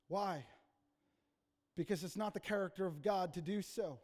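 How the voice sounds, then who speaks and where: A man preaching a passionate sermon as pastor, rising to loud emphasis and dropping to quiet asides. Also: sits high. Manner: impassioned preaching, rising and falling in volume. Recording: reverberant hall.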